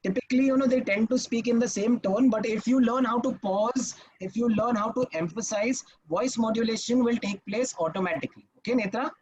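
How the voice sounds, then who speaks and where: A man's voice: very high voice, a little fast, few pauses, darkish tone, husky, dry recording, lo-fi sound. A man teaching public speaking in a live online masterclass, talking emphatically and often checking in with his listeners. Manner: emphatic and instructive, checks in with "Okay?". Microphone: video call.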